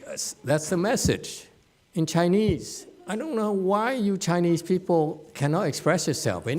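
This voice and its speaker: Slow, blunt-talking man lecturing. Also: high voice, lively intonation, darkish tone. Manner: plain-spoken, blunt and teasing, with many fillers and restarts. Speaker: Buddhist teacher. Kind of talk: dharma lecture to students. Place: meditation center hall.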